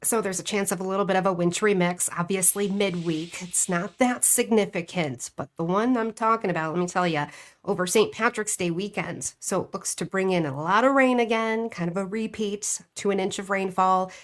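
A woman joining a radio show as the weather guest, walking through the forecast conversationally. She is upbeat and quick to giggle, and her pitch sits in the middle for a woman. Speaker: meteorologist guest.

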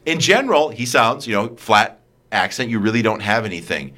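A man's voice: lowish voice, expressive, fairly quick, pushed and bright. A man in a casual chat, skeptical and playful in his remarks.

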